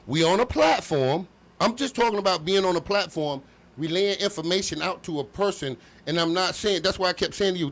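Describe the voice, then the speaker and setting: A man's voice: high-pitched, expressive, normal speed, a bit bright. A middle-aged man co-hosting a live talk show, emphatic and streetwise, often repeating himself. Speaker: co-host, coach.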